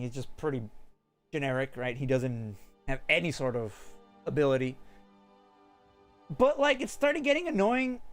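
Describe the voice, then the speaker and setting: A man reviewing anime in a casual, rambling monologue, full of fillers and restarts, his pitch swinging up and down as he talks.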